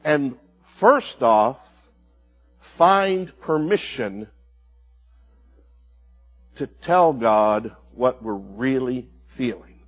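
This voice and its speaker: A man preaching a sermon, swinging from loud cries to hushed, quiet lines. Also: mid-range voice, lively intonation, extremely slow, long pauses, breathy edge. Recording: tinny phone-like sound with faint music.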